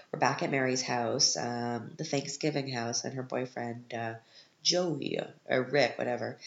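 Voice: mid-range voice, gravelly, a bit bright, echoey room, highs cut off. A podcast host giving a casual, sarcastic recap of a film, sounding exasperated with it.

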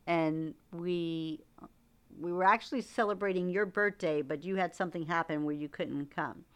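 Low-voiced woman telling stories animatedly. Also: normal speed, clear, resonant tone. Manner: animated storyteller who laughs and acts out quotes. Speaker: podcast co-host. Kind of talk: casual storytelling.

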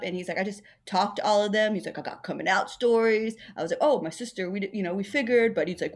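A woman's voice: medium pitch, a little fast. A woman comedian in a casual conversation, rambling through stories with many fillers and acting out what other people said. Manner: rambling storytelling, acts out quoted voices, many "like" fillers.

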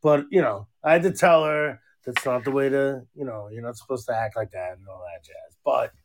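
A middle-aged man co-hosting a casual podcast, swearing freely and getting excited enough to shout. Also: medium pitch, fairly quick. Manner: profane, excitable, shouts when riled up. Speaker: podcast co-host. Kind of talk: casual chat.

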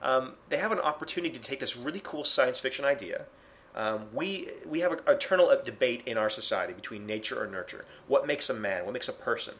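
A man of ordinary pitch makes his case in a relaxed conversation. He argues in long, unbroken runs and often restarts his phrases midway. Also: a little fast. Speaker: podcast co-host discussing comics. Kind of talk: casual chat.

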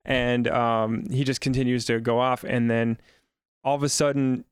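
A man who works as a general manager, telling a story in a brisk, wry way and laughing as he quotes people. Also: medium pitch, little pitch movement, clean tone, no room sound, studio quality. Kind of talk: casual storytelling.

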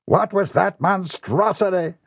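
A man's voice: sits high, unhurried, vocal fry, husky, dry recording, studio quality, voice pushed up, full character voice. A man reading aloud and voicing a portly, grumpy heir who bellows with pompous indignation. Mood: indignant.

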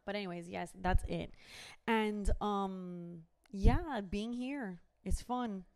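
Young woman, lively chatty, mellow warm tone. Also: medium pitch, slow, smooth. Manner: animated, switches into Spanish phrases. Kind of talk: casual chat.

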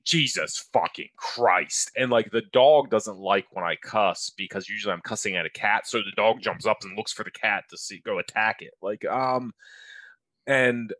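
Guy cohosting a podcast, swears a lot, exasperated, kinda low voice, bright edge. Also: moderate pace, no echo. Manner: profane, exasperated storytelling. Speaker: podcast co-host. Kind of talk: casual podcast chat.

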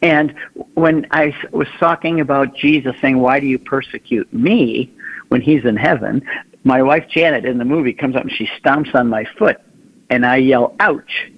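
A man with a husky, breathy voice tells stories as a radio guest, lively and full of acted-out quotes. The sound is a little dull, like a muffled radio broadcast. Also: medium pitch, moderate pace. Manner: animated storyteller, acts out quoted voices. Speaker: guest, pilgrimage leader. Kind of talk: radio interview storytelling.

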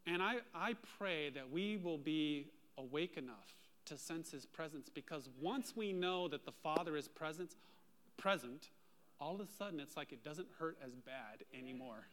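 A man delivering a sermon from the pulpit. His voice sits somewhat high for a man, and he slips into animated storytelling as he shares personal anecdotes. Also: normal speed. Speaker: pastor.

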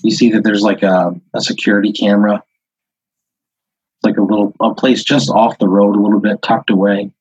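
A man's voice: lowish voice, little pitch movement, moderate pace, darkish tone, slightly rough, no room sound. A man hosting a podcast, telling an improvised second-person story in a rambling way full of "like" and "uh" fillers. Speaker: podcast host. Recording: dull lo-fi audio.

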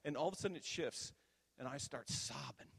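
An older man, a minister, giving a conversational sermon testimony and telling stories that grow animated at the high points. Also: quick pace, breathy edge, in a large hall.

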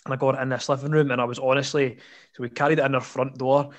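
A man with a Scottish accent telling a funny story in casual chat, animated and laughing often. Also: medium pitch, rapid-fire, highs cut off. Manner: animated, laughs often, lots of fillers and asides. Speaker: podcast guest storyteller.

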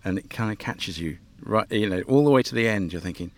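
A man's voice: lowish voice, animated, brisk, no room sound. A man hosting a podcast as the publisher, chatting casually and laughing easily. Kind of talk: casual chat.

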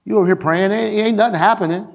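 A man's voice: sits high, fast talker, creaky. A man voicing the devil as a taunting, nagging tempter in a sermon. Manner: dismissive, colloquial, repetitive.

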